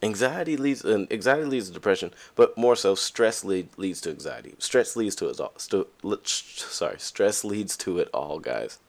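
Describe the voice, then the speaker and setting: A man hosting a podcast, talking candidly and casually to listeners, with frequent fillers and restarts, and his voice jumps up high when he stresses a point. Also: normal speed, hardly any pauses. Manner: lively, pitch jumps high for emphasis. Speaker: podcast host. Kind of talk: casual motivational monologue.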